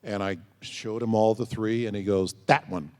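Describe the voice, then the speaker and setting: Low dark-voiced man in a hall. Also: little pitch movement, moderate pace, smooth. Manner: anecdotal, acts out quoted dialogue. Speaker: convention panel guest. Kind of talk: storytelling Q&A answers. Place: large convention hall. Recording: long hall reverb.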